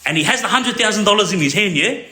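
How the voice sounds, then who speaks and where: A man's voice: high-pitched, lively intonation, fast, sharp tone, reverberant. A man telling a crime story casually, rambling and checking in with a constant "yeah?". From Australia.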